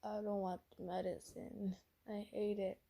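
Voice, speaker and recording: A woman voicing a shy, feverish teenage boy who talks quietly and mumbles, slipping in a Spanish word. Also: mid-range voice, little pitch movement, normal speed, creaky. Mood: sickly, quiet.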